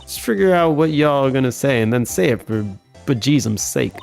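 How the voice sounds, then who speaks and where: A man voicing a brash young Southern woman photographer with a folksy drawn-out drawl, reading a game aloud. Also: mid-range voice, lively intonation, gravelly, darkish tone, soft background music. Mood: sassy. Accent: American Southern drawl, put on.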